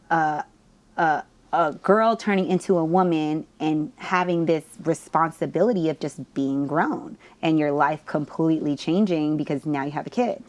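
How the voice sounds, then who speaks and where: A young woman from New Jersey, a podcast host, telling a personal story in lively, slangy casual chat. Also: sits low. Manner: animated storyteller, slangy, many "like" fillers.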